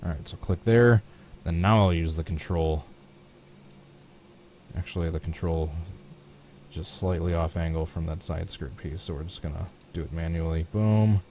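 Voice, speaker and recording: A man with a low, mellow voice talks casually into a desk microphone, thinking aloud as he works. He is relaxed and a little self-deprecating, narrating each small step for a live stream audience. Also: normal speed, slight background noise. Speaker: live streamer painting a race truck. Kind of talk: casual thinking-aloud commentary while working.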